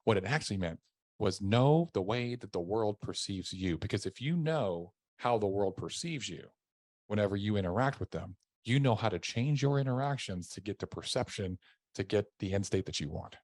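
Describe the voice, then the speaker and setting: A deep-voiced man from Tennessee speaks as a podcast guest, keeping his tone lowered and soft. He often restarts his sentences. The recording is dry and close, with no room sound. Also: lively intonation, moderate pace, no echo. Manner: softened, lowered voice, with frequent restarts. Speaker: podcast guest, army veteran. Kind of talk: casual interview chat.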